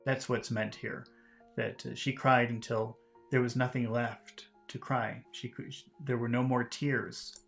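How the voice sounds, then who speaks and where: Male English teacher, mid-range voice, reading a novel aloud and patiently paraphrasing its vocabulary; soft guitar music in the background. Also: medium pitch, level tone, measured pace, creaky. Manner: patient, paraphrases words in plain terms.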